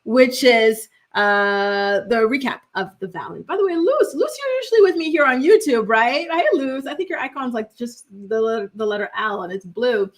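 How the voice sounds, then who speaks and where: A woman's voice: on the high side, moderate pace, few pauses. A young woman hosting a casual gossip livestream, chatting and reading viewer comments aloud with frequent laughs. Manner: chatty, animated, laughs often. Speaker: host of a morning gossip show.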